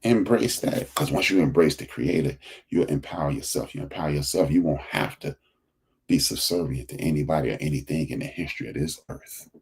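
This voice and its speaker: A man's voice: very deep voice, fairly quick, slightly rough. A man hosting a podcast, talking in an emphatic, preachy way and repeating phrases for stress. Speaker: podcast host. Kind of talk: casual commentary monologue.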